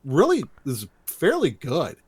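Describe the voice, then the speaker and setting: A man's voice: a little high, wildly swooping pitch, slow pace, breathy edge, no echo. Chatty man co-hosting a podcast. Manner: chatty, loose storytelling with many fillers. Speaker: podcast co-host. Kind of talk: casual cartoon recap chat.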